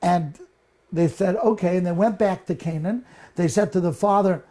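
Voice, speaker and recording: Mellow-voiced man retelling a story casually. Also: sits high, fairly even intonation, moderate pace. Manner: casual, talks to listeners directly, frequent restarts. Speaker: rabbi. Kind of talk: storytelling lesson.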